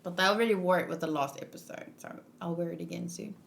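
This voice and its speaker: A woman's voice: fairly low pitch, fast, gravelly, fairly bright tone, a little hiss or hum. A young woman reading a manga aloud with casual commentary, playful and giggly, making her own sound effects. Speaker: manga read-along host.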